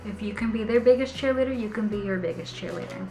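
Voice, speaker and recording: A young woman talks straight to camera in a personal vlog, open and chatty with easy laughs. Her voice sits at an ordinary middle pitch, and she slows down and softens when things turn tender. Soft music plays faintly underneath. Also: creaky. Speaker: vlogger.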